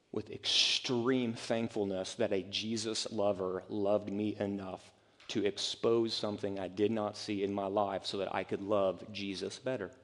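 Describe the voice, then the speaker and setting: A man, a pastor, preaching a sermon in a casual, animated way, acting out quoted asides. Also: fairly low pitch, long reverb tail.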